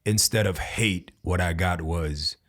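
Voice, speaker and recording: A man's voice: sits low, measured pace, fairly bright tone. A man hosting a podcast, talking in a laid-back, slangy way in casual conversation. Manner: laid-back slangy talk with frequent laughs.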